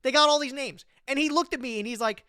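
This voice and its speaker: Talking fast in a smooth, high-sitting voice, a streamer in their twenties riffs casually on a live stream with plenty of slang and frequent "bro"s. They read web text aloud and react to it, and the studio-quality audio has no room sound.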